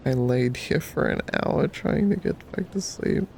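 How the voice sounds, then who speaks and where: A male livestreamer just woken up, with a groggy morning voice and a blocked nose, drawling casually to his chat and breaking into giggles and squeaky cheers. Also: a little hiss or hum. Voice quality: gravelly.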